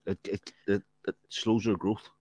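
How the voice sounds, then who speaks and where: A man's voice: lowish voice, flat delivery, unhurried, a crowd in the background. A man telling rambling stories in a casual group chat, swearing freely and saying "mate" at every turn. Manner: rambling storyteller, swears a lot, says "mate" constantly. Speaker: livestream chat participant.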